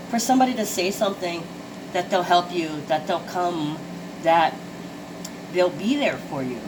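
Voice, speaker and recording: A woman's voice: fairly low pitch, normal speed, noisy background. A woman doing a casual tarot card reading for her viewers. She talks chattily, swears freely and exclaims at the cards she draws.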